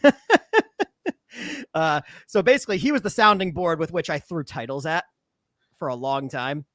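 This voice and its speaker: A man's voice: fairly high pitch, normal speed, a bit bright, no echo, clean studio sound. A man, an author, chatting casually on a podcast, self-deprecating and laughing often. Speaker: author guest.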